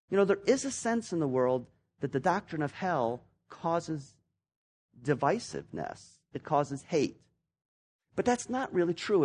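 Animated husky-voiced male preacher. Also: fairly high pitch. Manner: animated, acts out voices in quotes, swings from loud to near-whisper. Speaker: pastor. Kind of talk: sermon.

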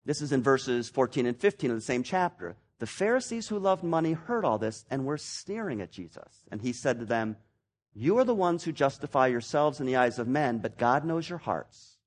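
Male pastor, sermon delivery, husky tone, lively swings from loud to hushed. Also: mid-range voice, moderate pace. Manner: animated, acts out voices in quotes, swings from loud to near-whisper.

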